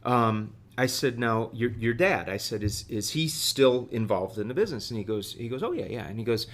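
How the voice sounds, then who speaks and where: A middle-aged man telling a story as a podcast guest, halting and full of fillers and restarts. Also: medium pitch, lively intonation. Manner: halting, many fillers and repeated words. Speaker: guest executive.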